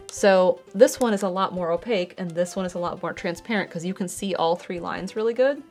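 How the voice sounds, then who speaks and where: A young woman streaming her art, chatting casually and explaining her painting steps as she works. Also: lowish voice. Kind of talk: casual chat while painting.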